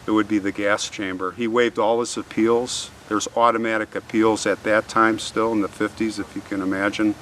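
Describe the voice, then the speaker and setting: A man telling a true crime story in a casual, animated way, often acting out what people said. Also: lowish voice, moderate pace, few pauses, recorded from a distance, a little hiss or hum. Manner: animated, conversational, acts out quotes.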